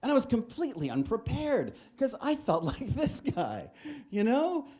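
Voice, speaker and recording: A man delivering a stand-up keynote on stage, his pitch rising and falling with animated range as he tells his story. He acts out both sides of a talk with his doctor, speaking to a live audience through a stage microphone. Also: moderate pace. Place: large hall with a live audience.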